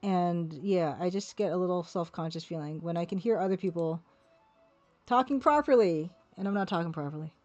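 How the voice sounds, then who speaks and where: A woman's voice: on the low side, brisk, darkish tone, lo-fi sound, faint music behind. A woman with a Canadian accent, chatting casually and self-deprecatingly with her viewers while she works on pixel art. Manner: rambling, self-deprecating, talks to her chat. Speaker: artist streaming her work. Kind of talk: casual livestream chat while drawing.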